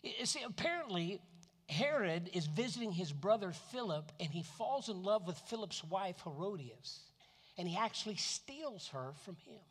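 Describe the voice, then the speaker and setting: High, animated preacher in an echoing hall. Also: male voice, moderate pace. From Florida. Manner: animated, repeats words, acts out quotes. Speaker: pastor. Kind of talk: sermon. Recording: long reverb of a hall.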